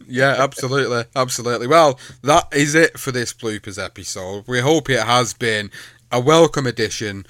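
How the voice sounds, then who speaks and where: A man chatting as a podcast co-host, his talk loose and full of laughter and stumbling restarts. His voice sits mid-pitch and sounds dry and close to the mic, with no room around it. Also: normal speed, fairly bright tone, dry recording. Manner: laughing, rambling with many restarts. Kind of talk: casual chat.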